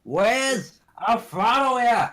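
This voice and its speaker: A man's voice: extremely high pitch, expressive, extremely slow, a bit bright, pitched above the performer's own voice, full character voice. A man voicing a panicked, short male goblin in a thick goblin accent during a tabletop game. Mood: bewildered.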